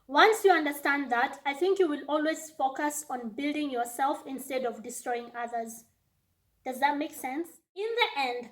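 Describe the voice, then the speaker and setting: High-voiced woman vlogging. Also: a bit bright. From Kenya. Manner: earnest, reflective storytelling. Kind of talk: casual monologue.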